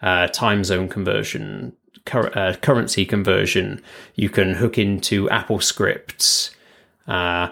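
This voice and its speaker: A man's voice: lowish voice, fairly even intonation, slow, creaky, pushed and bright. English man with a southern accent. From England. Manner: chatty, self-correcting, laughs easily. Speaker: podcast co-host. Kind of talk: casual tech chat. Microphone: remote call mic.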